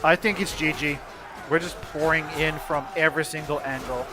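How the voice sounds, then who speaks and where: A man's voice: on the high side, moderate pace. Young man casually narrating gameplay. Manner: laid-back, swears casually, trails off and restarts. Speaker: gaming channel host. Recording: steady background noise.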